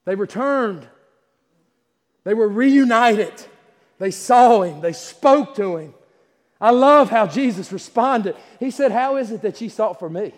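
Preacher guy, high voice, loud then quiet, church echo. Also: animated, a little slow. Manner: swings from loud climaxes to quiet asides, laughs while telling stories. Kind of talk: sermon. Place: church sanctuary. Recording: long hall reverb.

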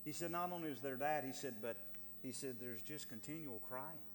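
A man preaching a sermon to his congregation with great passion, swinging from raised declarations to hushed, pleading tones. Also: mid-range voice, a little fast, long reverb tail, a little hiss or hum. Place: church sanctuary.

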